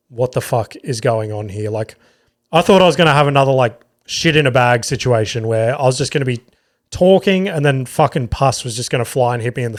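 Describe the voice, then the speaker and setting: An Australian man hosting a podcast, telling a rambling, profane story about touring as a stand-up comedian. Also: medium pitch. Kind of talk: casual storytelling monologue.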